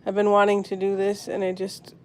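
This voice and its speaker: A woman hosting a live stream from her phone, talking softly and sadly to viewers in the chat. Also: medium pitch, monotone, fairly quick. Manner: soft, grieving, answering chat comments. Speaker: pet channel host.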